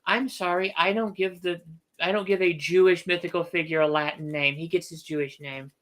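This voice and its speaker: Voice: medium pitch, fairly even intonation, fairly quick, a bit bright. Opinionated author chatting on a stream. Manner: opinionated, thinks aloud with restarts. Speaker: author hosting a book livestream. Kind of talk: casual livestream chat.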